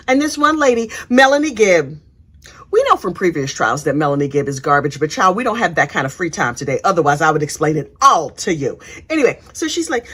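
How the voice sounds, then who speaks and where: A woman's voice: lowish voice, very animated, brisk, a bit bright, breathy edge. A woman hosting true crime commentary, telling it as sassy, gossipy storytelling full of slangy asides.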